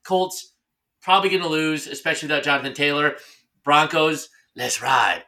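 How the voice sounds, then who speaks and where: A man's voice: fairly high pitch, fairly even intonation, a little fast, pushed and bright. A man co-hosting a podcast in casual chat, joking and ranting. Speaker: podcast co-host.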